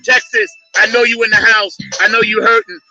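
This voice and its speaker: A man's voice: sits high, fairly quick, highs cut off, over music. A man hosting a live online show, energetically calling out fans by name and place. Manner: energetic, shouting out names. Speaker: host. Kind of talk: hyped live show shout-outs.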